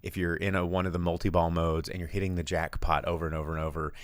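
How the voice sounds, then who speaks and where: A man co-hosting a casual live show, telling rambling, animated stories about his bar. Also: fast talker, dry recording. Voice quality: big booming voice when yelling. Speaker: podcast co-host and bar owner.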